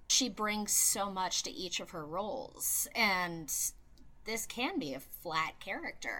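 A woman with a somewhat low but bright voice co-hosts a casual podcast about classic films. She talks earnestly and laughs easily between her points. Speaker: podcast co-host. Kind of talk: casual film discussion.

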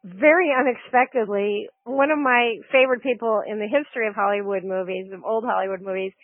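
A woman with a mid-range voice gives calm, dryly critical takes on old movies in a casual podcast chat. Her voice sounds thin and phone-like. The sound is dry. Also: mid-range voice, fairly quick, no echo. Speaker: film discussion co-host. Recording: tinny phone-like line, dry.

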